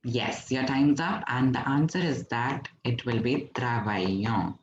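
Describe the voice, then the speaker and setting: A man's voice: mid-range voice, unhurried, slight background noise. A man from India teaching a French lesson to an online class, patiently explaining step by step and quizzing his students. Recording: roomy, dull lo-fi recording.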